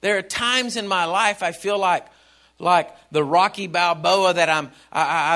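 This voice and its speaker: An older man preaching a sermon, joking and swinging from soft asides to shouts. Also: high-pitched. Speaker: pastor.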